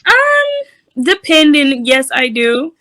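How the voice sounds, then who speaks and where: A woman with a bright, slightly high voice chats casually as an interview guest. She tells animated stories about her life and slips into other people's voices. The sound is dry and close. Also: slow, no echo. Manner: animated storytelling, acts out quoted voices. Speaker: dancehall dancer, interview guest.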